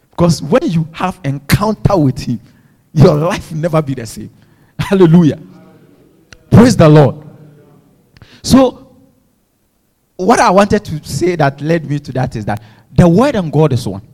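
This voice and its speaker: Fervent high-voiced preaching man. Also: sing-song, unhurried, pauses often, a little mellow, in a large hall. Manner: fervent preaching with call-and-response exhortations. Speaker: pastor. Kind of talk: sermon. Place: church.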